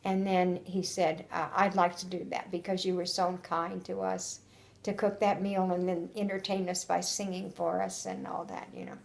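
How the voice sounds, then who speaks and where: A woman's voice: fairly low pitch, little pitch movement, normal speed, creaky. An older woman telling an oral history story in a chatty, rambling way, quoting old conversations and often laughing. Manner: chatty, rambling with restarts and quoted dialogue. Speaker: interviewee.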